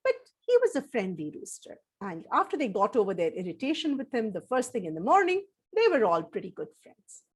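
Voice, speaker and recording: A woman telling a story to children in an animated, sing-song way, coaxing them to join in. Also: mid-range voice, a little fast, hardly any pauses, husky.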